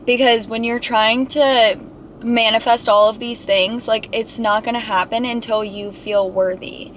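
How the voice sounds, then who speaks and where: A young woman shares spiritual encouragement in a slow, meandering, reflective way. Her voice sits slightly high, and she drifts through thoughts with casual fillers. Faint noise hums behind her. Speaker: spiritual self-help vlogger. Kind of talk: casual motivational talk.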